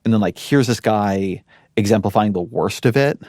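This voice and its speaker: A man who once ran a media company, speaking as a guest in a thoughtful, measured way with frequent restarts. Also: lowish voice, darkish tone, no echo, studio quality. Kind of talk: interview conversation.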